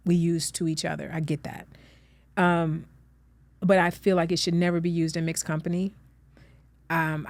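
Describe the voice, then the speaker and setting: A middle-aged woman, a guest actress, talking earnestly in a heartfelt conversation and turning emphatic when she comforts someone. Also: sits low. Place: studio with audience.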